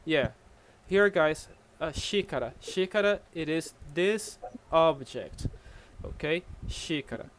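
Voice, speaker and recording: A man's voice: fairly high pitch, animated, slow pace, slight background noise, rough recording. A Brazilian man teaching Portuguese online in English with a Brazilian accent, explaining patiently and checking in with "okay?" often. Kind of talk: online language lesson.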